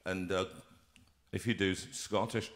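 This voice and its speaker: A man's voice: deep voice, steady tone, unhurried, fairly bright tone. A middle-aged man hosting a live music stream, chatting between songs in a rambling, self-mocking way with plenty of fillers. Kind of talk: casual chat between songs. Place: music room with a piano.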